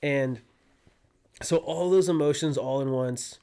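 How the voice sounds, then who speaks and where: A young man from California, a guest on a podcast, telling a story in a casual, animated way and acting out his own quotes. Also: mid-range voice, unhurried, clear, resonant tone. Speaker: podcast guest, disc golfer.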